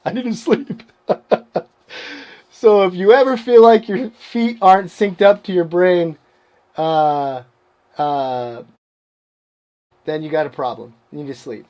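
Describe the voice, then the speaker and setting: A man with a slightly higher voice tells his story in a loose, rambling way. He is casual and self-mocking, and he laughs at his own mistakes. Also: takes it slowly, pauses often, warm tone. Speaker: podcast guest.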